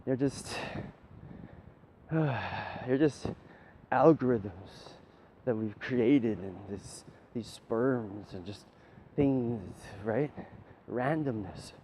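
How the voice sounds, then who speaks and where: A man's voice: mid-range voice, drawn-out words, pauses often, mellow. A man talking in a loose, rambling spiritual monologue, swearing freely and asking "right?" again and again. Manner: loose, profane, keeps asking "right?", laughs often. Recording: dull lo-fi audio with faint noise.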